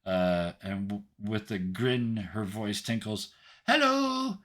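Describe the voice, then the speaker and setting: A man narrating as game master of a tabletop game in a halting, descriptive way. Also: fairly low pitch, fairly even intonation.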